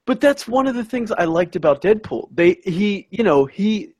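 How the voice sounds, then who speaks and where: A man's voice: sits high, animated, normal speed, a little mellow, slightly rough, no room sound. A young man co-hosting a podcast in casual chat, enthusiastic and playful. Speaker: podcast co-host.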